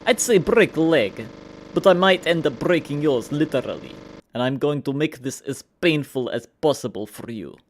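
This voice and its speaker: A streamer voicing a tired, cruel male enforcer from a game, with a mock Russian accent and a slow, threatening delivery. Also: medium pitch, expressive, a little hiss or hum, lightly acted. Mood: menacing.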